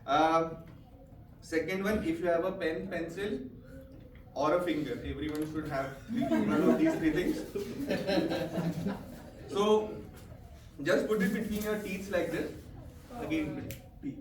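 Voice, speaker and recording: A man's voice: fairly high pitch, unhurried, pauses often, noisy background. Encouraging man coaching a group. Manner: encouraging, coaching, frequent "right?" tags. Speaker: language evaluator at a speaking club. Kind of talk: meeting feedback and group speech drill. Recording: echoey room, distant mic.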